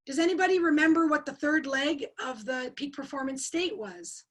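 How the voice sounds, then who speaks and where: High-voiced woman coaching on a video call. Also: normal speed. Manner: energetic, asks the audience questions and repeats key words. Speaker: speaker at an online coaching forum. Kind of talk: interactive webinar teaching.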